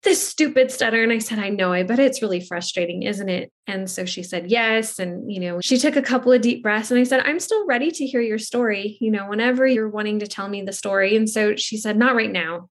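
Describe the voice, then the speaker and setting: A woman hosting a podcast, telling a story from her own work in a casual way, often fading softly at the ends of her thoughts. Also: mid-range voice, brisk, hardly any pauses.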